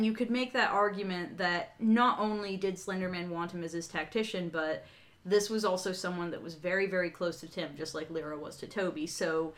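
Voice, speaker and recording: A woman's voice: on the low side, fairly bright tone. A woman in casual conversation, talking in a thoughtful way and building on ideas. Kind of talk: casual chat.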